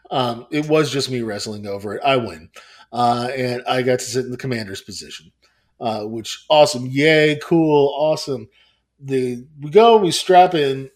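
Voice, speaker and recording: Casual male podcast co-host in his thirties who rambles, restarts and swears. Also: medium pitch.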